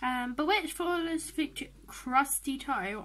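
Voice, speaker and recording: A young woman giving chatty, excitable commentary while playing a life-sim game, often dropping into whispers. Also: high-pitched, measured pace. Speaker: gaming vlogger.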